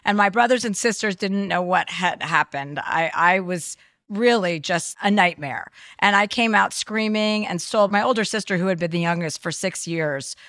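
A woman's voice: mid-range voice, moderate pace, a bit bright, no echo, clean studio sound. A woman co-hosting a podcast, giving blunt, profane, playful advice in casual chat. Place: Whistler.

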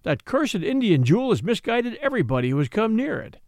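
A man's voice: sits high, sing-song, fairly quick, a little mellow, no room sound, studio quality, voice pushed up. A man reading an audiobook, voicing an elderly male servant who is stern, proud and stubborn. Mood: insistent. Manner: stern, insistent pleading.

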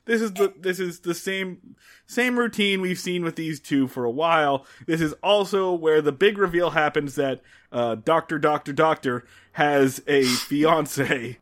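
A man co-hosting a casual podcast recap, retelling the plot in a wry, animated and blunt way. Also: a little high, measured pace. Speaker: podcast co-host.

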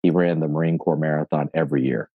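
A man in his forties, a gym owner and fitness coach, telling his story in a podcast interview, animated and casually profane, acting out what people said. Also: a bass voice, quick pace, dry recording, phone-quality sound. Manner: animated storyteller, acts out quotes, swears casually.

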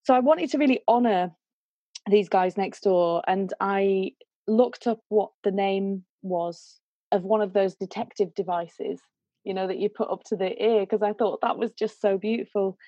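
A woman's voice: medium pitch, moderate pace, mellow, no echo, dull audio. A woman, a singer, telling a personal story in a reflective, emotional way. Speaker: guest singer. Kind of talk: conversational storytelling.

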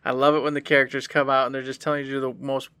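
A man's voice: medium pitch, flat delivery, fast talker, pushed and bright, clear, resonant tone, no echo. A man co-hosting a casual gaming podcast, easygoing and enthusiastic. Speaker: podcast co-host.

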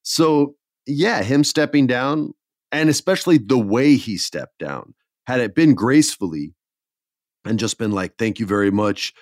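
A man co-hosting a podcast in a casual chat, animated and jokey. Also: mid-range voice, a little slow, no room sound, clean studio sound. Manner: animated, jokey, does goofy voices for quotes. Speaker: podcast co-host.

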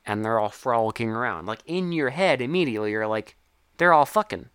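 A man's voice: mid-range voice, expressive, fairly quick, smooth, no room sound. A man co-hosting a casual movie-recap podcast, wry and profane, quoting characters and his own reactions. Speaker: podcast co-host.

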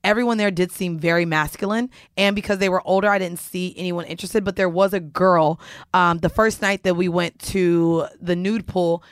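A woman's voice: fairly low pitch, fairly even intonation, normal speed, clean tone, no echo. Young woman co-host, blunt sidekick chiming in, dry studio sound. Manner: blunt, chiming in, crude humor. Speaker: podcast co-host. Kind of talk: casual chat.

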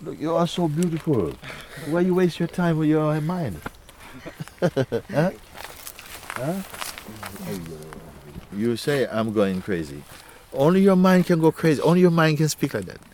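A male spiritual teacher speaking to a listener in a gentle, playful way, laughing often and using nonstandard English grammar. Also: a little high, lively intonation, measured pace, pauses often, slight background noise. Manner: gentle, playful, laughs often, repeats "you see" and "huh".

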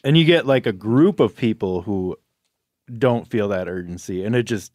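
A man's voice: on the low side, normal speed, darkish tone, no room sound, studio quality. A man chatting as a podcast guest in a laid-back way, often putting in short agreeing words. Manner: laid-back, brief agreeing interjections and easy laughs. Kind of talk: casual chat.

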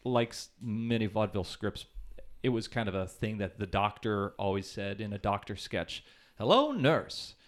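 A man hosting a casual podcast chat, eager and quick to react. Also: on the low side, flat delivery.

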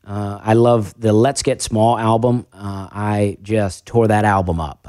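A man with a faint Southern accent chats casually as a guest, his voice sitting a little low. He rambles and runs himself down, often restarting his sentences. The sound is dry and close, with no room echo. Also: fairly even intonation, unhurried, darkish tone. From American South. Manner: rambling, self-deprecating, frequent restarts. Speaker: stand-up comedian guest. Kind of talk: casual podcast conversation.

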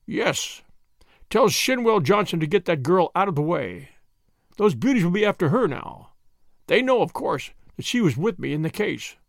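A man voicing an injured, weakened male detective who mutters hoarsely, calm and scheming. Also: high-pitched, moderate pace, no room sound, clean studio sound, heavily acted. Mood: weak, wry.

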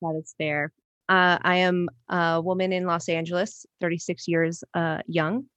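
A woman appearing as a guest on an improvised comedy podcast, playing a persona in a matter-of-fact, deadpan way. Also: on the low side, unhurried, smooth, no room sound.

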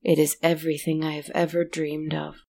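A woman voicing a greedy pirate captain who speaks in a soft, awed, measured way. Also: low-pitched, little pitch movement, vocal fry. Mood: awed, wondering.

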